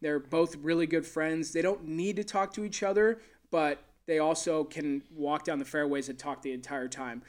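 A man's voice: on the high side, steady tone, moderate pace, hardly any pauses. A man, a golf caddie, chatting casually in an interview and telling stories with plenty of fillers. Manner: easygoing storyteller, many fillers.

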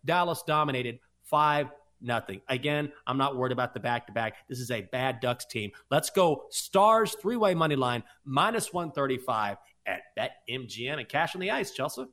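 Male betting show co-host, casual and self-mocking, very lively delivery. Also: mid-range voice, normal speed. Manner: animated, self-deprecating banter. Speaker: sports betting podcast co-host. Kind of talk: casual sports betting chat.

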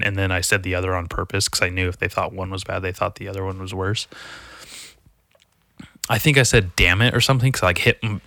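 A young man riffs through a loose, swear-heavy comic monologue, mocking himself and everyone around him. His voice sits fairly low but carries a bright, forceful edge. It sounds close and dry, with no room around it. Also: dry recording. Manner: profane, rambling, self-mocking; mimics people in high squeaky voices. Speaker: solo podcast host. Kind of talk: rambling comedic monologue.

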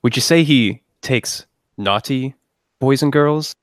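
A man's voice: mid-range voice, takes it slowly, dry recording. A man speaks in character during a tabletop role-playing game, confident and a little lecturing. His voice sits in a middle range. The recording is dry and close. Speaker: player.

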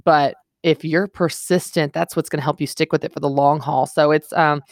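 Low earnest woman, podcast guest author, dry close mic. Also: fairly even intonation, normal speed, dry recording. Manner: earnest, emphatic storytelling. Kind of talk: podcast interview.

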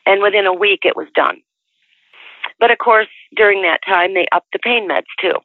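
A woman's voice: mid-range voice, moderate pace. A woman in her sixties tells her life story over the telephone, chatty and rambling and often restarting her sentences. Her voice comes through a tinny, narrow phone line with a dry, close sound and no room echo. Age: 60s. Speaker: interviewee.

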